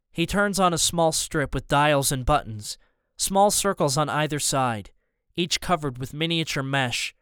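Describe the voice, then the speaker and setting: A man narrating a first-person thriller audiobook in a steady, tense way. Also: fairly high pitch, a little slow, clear, resonant tone, dry recording, studio quality.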